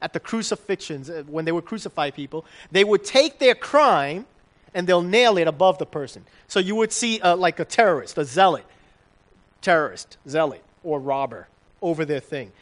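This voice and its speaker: A man's voice: on the high side, animated, moderate pace. A man preaching a conversational sermon, putting questions to the congregation and restarting his sentences often. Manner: conversational, asks the audience questions, frequent restarts.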